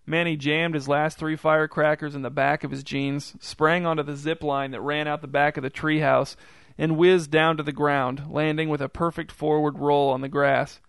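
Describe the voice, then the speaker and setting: A man reading a story aloud in an even, measured way. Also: fairly high pitch, vocal fry, clear, resonant tone, no room sound. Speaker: narrator.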